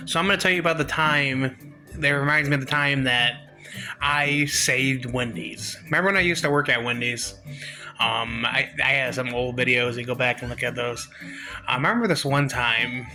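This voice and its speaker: A young man telling a work story in a casual vlog, rambling and halting, acting out the quotes. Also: medium pitch, bright, forceful tone.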